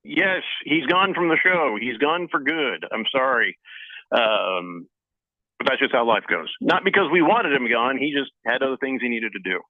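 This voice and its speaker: A man hosting a casual sports radio show, reading listener messages aloud in a jokey, lively way. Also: mid-range voice, dry recording. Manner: jokey, lively, talks fast in spurts. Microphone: phone line into the studio. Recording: tinny phone line, dry.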